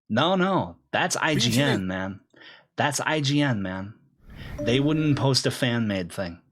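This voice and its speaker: A man streaming a game, chatting casually with viewers and breaking into loud, excited outbursts between low mumbles. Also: unhurried. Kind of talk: casual live-stream chat.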